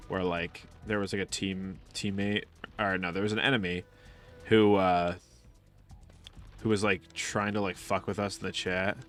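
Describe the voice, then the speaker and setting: Low-voiced man streaming a game casually. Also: little pitch movement, moderate pace, fairly bright tone, soft background music. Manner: casual, profane, rambling storytelling with frequent laughs. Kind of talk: casual live-stream chat while playing.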